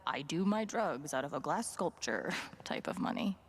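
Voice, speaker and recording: An actress voicing a dry, sardonic young woman in a video game, with a husky, gravelly voice. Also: low voice, animated, normal speed, full character voice. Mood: wry.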